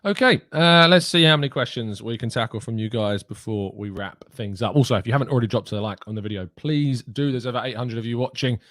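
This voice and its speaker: A man's voice: medium pitch, fast talker, few pauses, a bit bright, no room sound, studio quality. A man hosting a live show, chatting casually, reading out and answering viewers' questions. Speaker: host. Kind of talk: casual chat.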